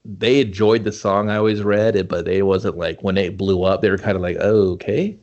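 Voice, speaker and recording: A man with a fairly low voice chatting on a movie review podcast. He rambles along cheerfully, retelling scenes and breaking into laughs as he goes. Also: level tone, brisk, darkish tone, dull audio. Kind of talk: casual chat.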